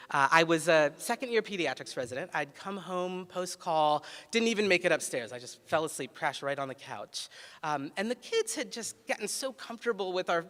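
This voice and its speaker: A man in his forties, a pediatrician who serves as city health director, gives a ceremony speech packed with personal stories. His voice sits high and sounds pushed and bright, and he keeps it conversational and funny with lots of "uh" fillers. The large ceremony hall gives the recording an echoey reverb.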